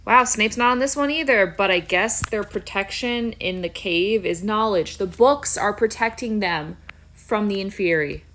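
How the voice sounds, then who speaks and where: Woman, young adult, wry sarcastic reaction commentary, playful asides, mid-pitched voice. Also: moderate pace, fairly bright tone. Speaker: YouTuber.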